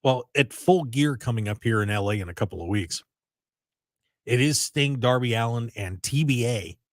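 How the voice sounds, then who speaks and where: Lively, teasing male radio host. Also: medium pitch, normal speed, no room sound, clean studio sound. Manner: lively, teasing, animated storytelling. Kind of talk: casual radio chat.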